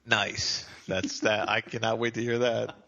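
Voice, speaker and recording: A man from New Jersey telling a long, self-deprecating story as a podcast guest, rambling and restarting often. His voice is lowish and gravelly. The audio sounds slightly dull and lo-fi. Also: little pitch movement, a little slow, bright, forceful tone. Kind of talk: casual storytelling interview.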